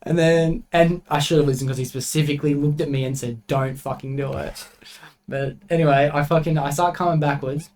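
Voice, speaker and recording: A young man in his twenties, sitting in as a podcast guest and spinning work yarns. He talks in a somewhat high voice, animated and salted with swearing. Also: fast talker, few pauses. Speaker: podcast guest, refrigeration tradesman. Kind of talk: casual podcast chat.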